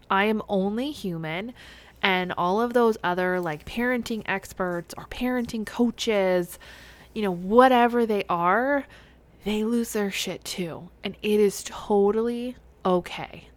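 A woman in her thirties hosting a solo podcast, talking candidly and chattily with many fillers. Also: medium pitch. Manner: candid, chatty, heavy use of "like". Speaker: podcast host. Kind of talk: solo podcast confessional chat.

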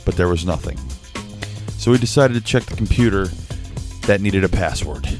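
A man's voice: deep voice, expressive, moderate pace, music in the background. Chatty young man telling a story. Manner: chatty, laughs at himself, apologetic asides. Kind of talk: casual storytelling. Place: home at night, kept quiet.

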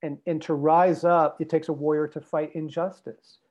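A man's voice: a little high, level tone, moderate pace, darkish tone, lo-fi sound. Guest speaker, male, preacher-like cadence, hammers points through repetition. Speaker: guest speaker on men's development. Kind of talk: podcast conversation.

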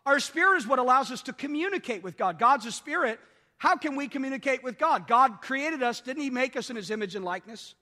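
High-voiced preacher in an echoing hall. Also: male voice, expressive, a little fast, sharp tone. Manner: repetitive call-and-response preaching, asks "are you with me". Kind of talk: sermon. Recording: long hall reverb.

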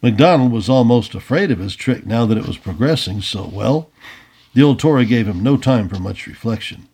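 A man reads an old-fashioned story aloud, his husky voice full of lively ups and downs. He tells it plainly, now and then dropping in a casual aside. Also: mid-range voice, normal speed.

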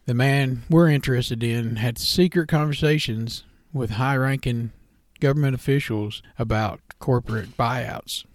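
A man voicing a shadowy, well-dressed male stranger who speaks low, hushed and sly. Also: a little slow, dry recording, close to an everyday voice.

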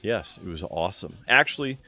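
A man's voice: sits low, expressive, fairly quick, pushed and bright, soft background music. A middle-aged radio DJ and weatherman, a man, guesting on a podcast in a playful, jokey way. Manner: playful, jokey, breaks into mock voices. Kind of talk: casual podcast chat.

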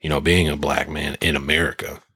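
A man with a very low, husky voice recounts his experiences in a relaxed chat, swearing freely and building the story with energy. The sound is dry and close, with no room around it. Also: fairly quick, no echo. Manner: profane, animated storyteller. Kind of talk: casual chat.

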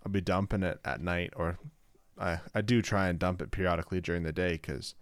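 A man's voice: sits low, fairly even intonation, a little fast, no room sound. A man co-hosting a casual chat, rambling with lots of "like" and restarts.

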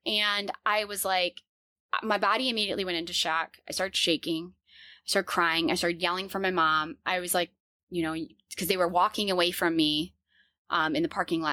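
Bright-voiced woman telling a personal story. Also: fairly low pitch, steady tone, brisk, dry recording, studio quality. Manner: hesitant, lots of fillers and restarts. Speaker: podcast guest telling her story.

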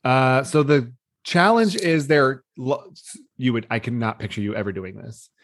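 A young adult man co-hosts a podcast, casually recapping reality TV, laughing often and acting out quoted lines. His medium-pitched voice moves at a moderate pace, recorded with clean studio sound and no room sound.

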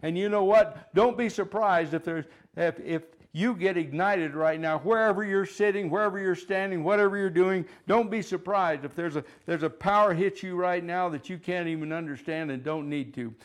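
Man, preacher, fervent sermon, fairly high voice, repeats key phrases. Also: moderate pace, hardly any pauses. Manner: fervent, rising and falling in loudness, chuckles between points.

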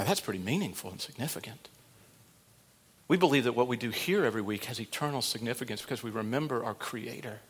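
Fervent preacher in a reverberant hall. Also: male voice, medium pitch, slightly rough. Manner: dynamic preaching, swinging from hushed to loud and fervent. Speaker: pastor. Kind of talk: sermon. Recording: long reverb of a large hall.

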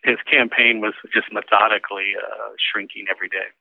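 A man's voice: fairly low pitch, flat delivery, fairly quick, gravelly, no echo. Man on a tinny phone line. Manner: conversational, with fillers. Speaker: former campaign manager. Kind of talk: interview recollection.

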